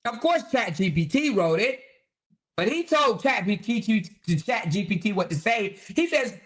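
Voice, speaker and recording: A woman's voice: a little high, expressive, moderate pace. A woman hosting a commentary livestream, talking in a blunt, sarcastic, profane way. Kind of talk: casual commentary.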